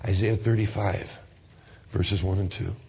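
A pastor preaching a sermon, reading scripture aloud and then talking in a lively, conversational way, sometimes jumping high in pitch to act out everyday exchanges. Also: male voice, a little slow, slightly rough.

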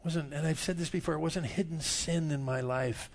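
A middle-aged man preaching a sermon, telling stories and swinging from quiet asides to loud outbursts. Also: fairly high pitch, fairly even intonation, normal speed. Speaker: pastor. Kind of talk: sermon with storytelling.

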